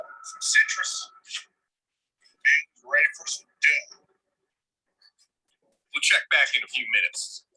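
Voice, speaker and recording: A man's voice: fairly high pitch, pushed and bright, pitched above the performer's own voice, exaggerated voice, poor audio. A man putting on a drawling Southern pitmaster. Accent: put-on American Southern. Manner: drawling, chatty how-to talk. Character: folksy male backyard pitmaster, easygoing. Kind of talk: home cooking video.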